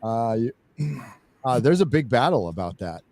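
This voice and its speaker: This stream host has a medium-pitched, darkish voice, very animated yet unhurried, with no echo. Blunt and profane, he chats casually while reading donations aloud.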